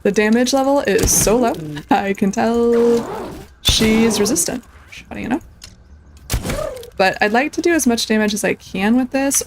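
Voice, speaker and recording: A woman's voice: a little high, measured pace, noisy background. Chatty woman narrating her gameplay. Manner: chatty, talks to game creatures; excitable yelps and squeals. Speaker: gameplay streamer. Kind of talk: casual let's-play commentary.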